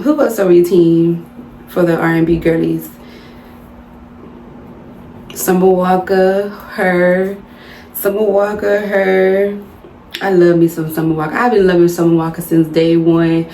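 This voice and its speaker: A young Southern American woman with a lowish, mellow voice chats casually with her vlog viewers, calling them y'all. It's recorded at home in a roomy space with faint background noise.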